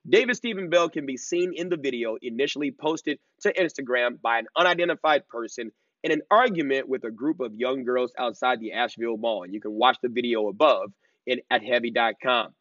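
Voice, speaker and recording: A man's voice: mid-range voice, a little fast, a bit bright, no echo. A man in his thirties hosting a live-streamed commentary lecture, emphatic and drawn out, full of fillers and repeated "okay?" checks. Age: 30s. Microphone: laptop. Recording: dull lo-fi and dry.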